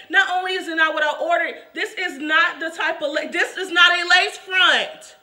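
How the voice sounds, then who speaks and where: A woman with a high voice reviews products on her channel, talking straight to her viewers. Her tone is crisp and bright, and she stays emphatic and exasperated, laughing in the middle of her complaints. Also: moderate pace, few pauses. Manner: animated, laughs through complaints. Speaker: wig reviewer and channel host. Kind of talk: casual review vlog.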